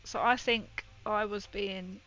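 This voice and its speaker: A woman's voice: mid-range voice, fairly even intonation, takes it slowly, fairly bright tone, dull audio. A young woman streaming while painting miniatures, telling a rambling story in casual chat with lots of fillers. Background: faint background music.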